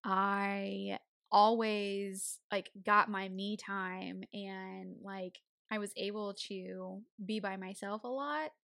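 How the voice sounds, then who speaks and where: A woman's voice: mid-range voice, steady tone, slow pace, creaky, fairly bright tone, no echo, studio quality. A young woman co-hosting a podcast, chatting casually and laughing easily, often saying "like". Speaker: podcast co-host. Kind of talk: casual chat.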